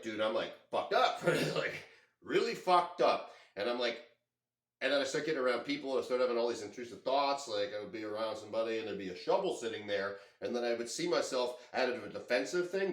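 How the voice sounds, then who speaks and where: A man telling a story to his camera in a casual, rambling, excitable way, full of swearing. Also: mid-range voice, quick pace. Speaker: vlogger. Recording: echoey room.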